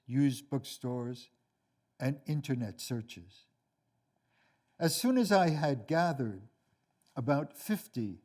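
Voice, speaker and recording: An older man, a lecturer and author, reading a lecture and telling a story in a measured, deliberate, wry way. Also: medium pitch, darkish tone.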